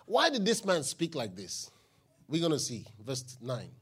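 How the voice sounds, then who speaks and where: A man preaching a sermon, reading scripture aloud and building to shouted declarations. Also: fairly high pitch, wildly swooping pitch, normal speed, husky. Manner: Bible reading with call-and-response, rising to shouted declarations.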